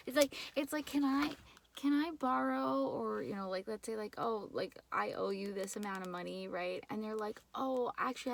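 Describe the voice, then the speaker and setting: A woman with a New York accent giving a casual, rambling tarot reading, full of fillers and quick laughs. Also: medium pitch, vocal fry, slight background noise. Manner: chatty, rambling, lots of "like" and laughs. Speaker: tarot reader.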